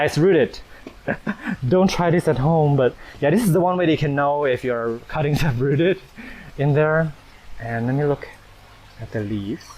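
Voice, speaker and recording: A man with a mid-range voice gives a casual walkthrough of his houseplants, chatty and self-deprecating and quick to laugh. He moves around with a handheld camera, and a faint hum of ambience sits behind him. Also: mid-range voice, a little mellow, poor audio. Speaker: plant channel host. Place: indoor plant collection and nursery.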